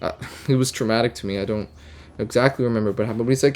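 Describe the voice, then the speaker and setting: A young man casually telling a rambling, deadpan, absurd story full of fillers and restarts. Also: on the low side, quick pace, vocal fry. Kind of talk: casual storytime while gaming.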